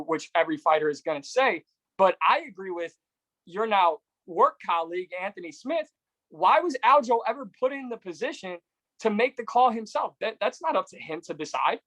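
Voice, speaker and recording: A man's voice: sits high, lively intonation, a bit bright, no room sound, rough recording. Conversational man hosting a podcast. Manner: conversational, storytelling, quick to agree. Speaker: podcast host. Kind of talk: casual podcast interview.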